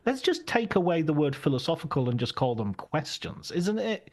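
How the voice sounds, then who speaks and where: A man with a fairly high voice hosts a film podcast in a relaxed, chatty way. He rambles animatedly, laughs readily and jumps between jokes and serious points. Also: fairly quick. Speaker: podcast host. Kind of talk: casual film discussion.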